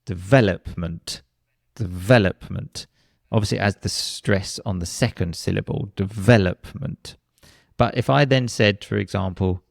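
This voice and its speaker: A man's voice: lowish voice, vocal fry, dry recording, clean studio sound. A man, an English pronunciation teacher, explaining his course in an interview and demonstrating word stress by repeating words, with frequent restarts.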